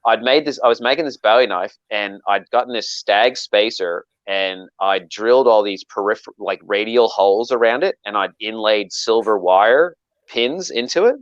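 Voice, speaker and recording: A knifemaker guest, a man with a lowish voice, tells a long story in casual conversation at a normal speed, rambling with many restarts and animatedly acting out quoted lines. The recording is lo-fi with no echo.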